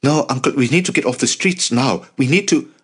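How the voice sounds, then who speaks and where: A man voicing a frightened teenage boy who pleads with his uncle in an anxious, halting way. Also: medium pitch, lively intonation, breathy edge, voice pushed up. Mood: pleading.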